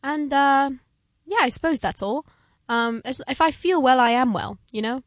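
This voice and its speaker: A woman's voice: high-pitched, normal speed, no room sound. A woman co-hosting a comedic call-in show, matter-of-fact and mock-earnest, with frequent sighs. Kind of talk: deadpan comedic banter.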